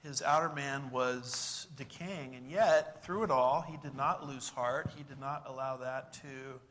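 Bright-voiced preaching man. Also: medium pitch, steady tone, measured pace. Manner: emphatic preaching with rhetorical questions. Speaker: pastor. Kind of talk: sermon.

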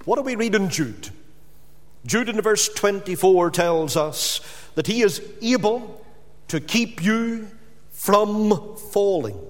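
A man preaching a sermon, stressing key words slowly and then dropping his voice to a hush. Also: sits high, lively intonation, big-room sound. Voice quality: emphatic, with drawn-out stressed words and sudden drops to a hush.

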